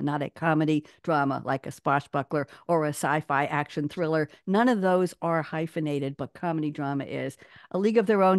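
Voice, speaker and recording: Lively, chatty woman host, low voice. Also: no echo, studio quality. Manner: chatty, animated, laughs often. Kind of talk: live online talk show.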